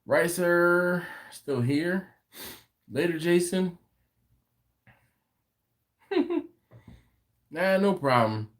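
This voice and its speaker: A man's voice: high-pitched, very animated, very slow, pauses often. A man talking casually on a live stream from his home late at night. He reads viewer comments aloud and chats about them, and his voice rises and falls a lot. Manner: chatty and easygoing, laughs often. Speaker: host of a barbecue channel livestream.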